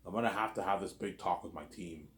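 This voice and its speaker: A man's voice: sits low, fast, a bit bright, slight background noise. A man hosting a casual, rambling commentary, repeating the same filler phrases again and again. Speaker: host. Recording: roomy echo.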